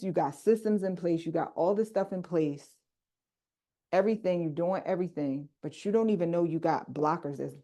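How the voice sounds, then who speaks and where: An animated woman leads a group workshop over a video call. She teaches casually and speaks right to her listeners, slipping into slang as she explains. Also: fairly low pitch. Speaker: coach leading a group workshop.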